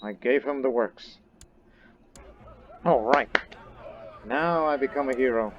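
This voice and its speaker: A man's voice: mid-range voice, takes it slowly, dull audio, a little hiss or hum. A man casually commenting on his own strategy game as he plays, thinking aloud with chatty asides. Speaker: game streamer.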